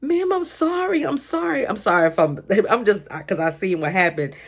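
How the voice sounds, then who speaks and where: A woman's voice: mid-range voice, lively intonation, moderate pace, slightly rough, voice pushed up. A woman voicing a frightened daycare worker who apologizes over and over. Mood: pleading. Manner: pleading, flustered, repeated apologies.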